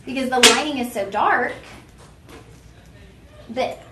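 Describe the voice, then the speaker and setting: A woman's voice: fairly high pitch, slow, roomy sound, very noisy. A young woman hosting a live shopping show, chatting with viewers and teasing herself. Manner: chatty and self-teasing, talks straight to viewers. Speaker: shopping channel host.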